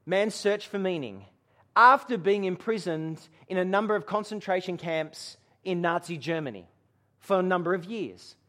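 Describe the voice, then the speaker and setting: A man preaching a sermon to a gathering, telling a story and dropping to a hush for dramatic moments. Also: sits high. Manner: storytelling with dramatic hushed drops. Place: room with a gathering.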